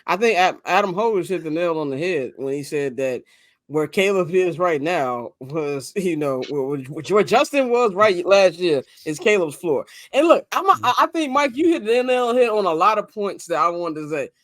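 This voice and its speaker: Man, high voice, dry close sound, animated sports podcast host, casual swearing. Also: normal speed, no room sound. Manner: animated, swings loud and soft, swears casually.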